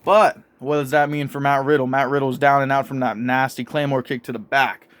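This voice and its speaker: A young man casually narrating a made-up wrestling storyline in an excitable, profane play-by-play manner. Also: medium pitch, brisk. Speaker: show host narrating a toy wrestling storyline.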